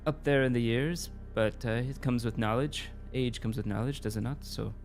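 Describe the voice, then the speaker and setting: A man's voice: mid-range voice, normal speed, soft background music, natural voice. A man voicing a courteous city informant with a vague generic European accent, speaking hesitantly in a tabletop role-play. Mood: helpful. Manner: hesitant, courteous, full of ums. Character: helpful male city informant and tracker.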